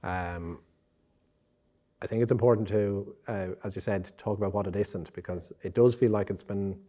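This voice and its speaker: Mellow low-voiced Irish man. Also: fairly even intonation. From Ireland. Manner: hesitant, many fillers and pauses. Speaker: interviewer. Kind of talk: conversational interview.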